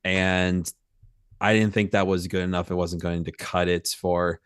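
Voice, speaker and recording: Deep, smooth-voiced hesitant man. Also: level tone, a little slow, no room sound, clean studio sound. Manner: hesitant, many fillers. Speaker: voice acting newcomer. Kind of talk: casual chat.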